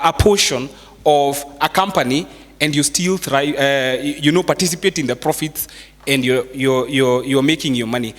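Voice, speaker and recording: Kenyan male speaker, somewhat raised pitch, chatty live seminar delivery in a reverberant hall. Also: a bit bright. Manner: conversational, quizzes the audience, mixes in Swahili phrases. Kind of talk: live motivational finance talk. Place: large hall with a live audience. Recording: echoey hall with long reverb.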